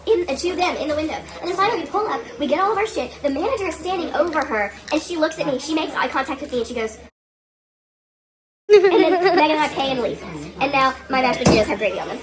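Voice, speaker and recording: A young woman tells a comedic personal story, slipping into quoted voices as she goes. Her voice sits high and swoops around a lot. A loud crowd fills the room behind her. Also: quick pace. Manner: animated, acts out quoted voices.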